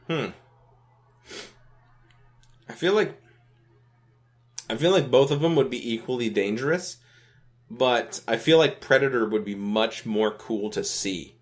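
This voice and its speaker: A young man casually commenting on a browser game, rambling and laid-back, often tacking on filler phrases and swearing offhandedly. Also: medium pitch. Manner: rambling and laid-back, keeps adding "you know what I mean", swears casually. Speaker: gaming video host.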